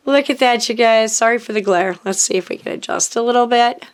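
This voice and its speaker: A woman's voice: a little high, clear, resonant tone. Chatty woman gushing over craft mail. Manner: chatty and gushing, with frequent ums and restarts. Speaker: papercrafting channel host. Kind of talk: casual happy-mail chat to camera.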